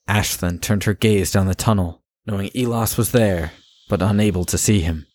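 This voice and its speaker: A male narrator reads a fantasy story at a measured, even pace. His voice is very deep. The recording is dry and close. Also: no echo. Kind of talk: scripted audiobook narration.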